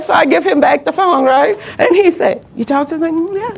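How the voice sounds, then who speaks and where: A middle-aged woman preaching a sermon, telling a personal story and swooping up high when she quotes people. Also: moderate pace, gravelly.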